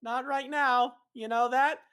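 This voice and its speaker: A woman's voice: sits high, steady tone, takes it slowly, fairly bright tone, clear, resonant tone, pitched above the performer's own voice. A man voicing a timid young woman courier who hesitates and fills her speech with ums and you-knows. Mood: hesitant.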